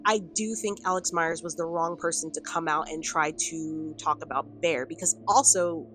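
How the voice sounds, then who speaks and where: Speaking at a moderate pace in a low, even voice, a video commentator chats to her stand-mounted camera. Her vlog talk meanders, full of "like" and "um" fillers and the occasional laugh, over some background noise.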